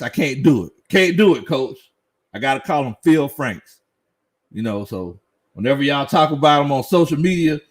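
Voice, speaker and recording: Animated man with lively pitch. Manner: laughs often, animated, Southern slang. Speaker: sports show host. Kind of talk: casual live-stream chat reading comments.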